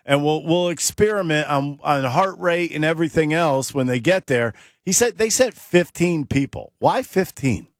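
A man's voice: fairly high pitch, lively intonation, moderate pace, hardly any pauses, dry recording, studio quality. A man co-hosting a sports talk show, talking in a laid-back, plainspoken way.

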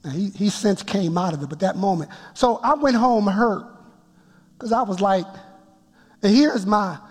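A man preaching a sermon, telling his story with emphatic build-ups that rise toward shouts. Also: sits high, lively intonation, unhurried, husky. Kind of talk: sermon testimony. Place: church sanctuary before a congregation. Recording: long reverb of a large hall.

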